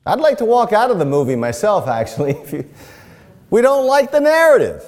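Older male pastor preaching with a lively voice. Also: high-pitched, in a large hall. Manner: emphatic, deliberate, repeats key phrases. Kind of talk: sermon.

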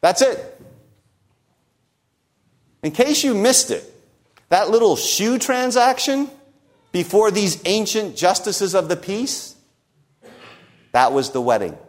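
A man preaching a verse-by-verse sermon in a relaxed, conversational way, with a slightly high voice. He keeps checking in with his listeners with quick rhetorical questions and slips in dry, wry humor as he explains. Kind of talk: expository sermon.

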